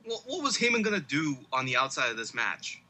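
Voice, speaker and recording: A man's voice: fairly high pitch, sharp tone, poor audio. A man co-hosting a podcast in casual chat, arguing his points and jumping in to counter. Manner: argumentative, interjecting. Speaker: podcast co-host.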